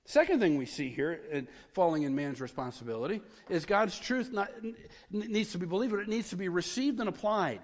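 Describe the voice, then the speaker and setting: Male pastor, sermon delivery, high voice, excitable, stumbles over repeats, long hall reverb. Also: brisk. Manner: excitable, repeats words when worked up.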